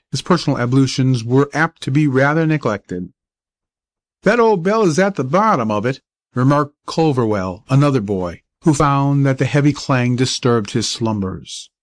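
Steady male audiobook narrator. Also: medium pitch, dry recording, clean studio sound. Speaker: audiobook reader.

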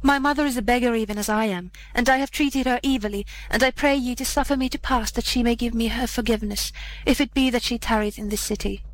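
A woman voicing a young outcast boy in a storybook reading, pleading gently. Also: on the high side, fast, hardly any pauses, lightly acted, poor audio.

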